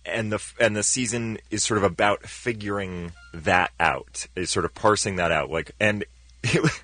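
A man's voice: lowish voice, moderate pace, fairly bright tone, dry recording. A man who is a guest actor, chatting casually and rambling, with many restarts and fillers. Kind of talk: casual chat.

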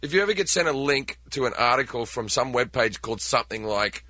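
A man's voice: medium pitch, lively intonation, fast talker, pushed and bright, no echo. An Australian man on a talk show, ranting sarcastically with laughs between points. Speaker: comedian guest.

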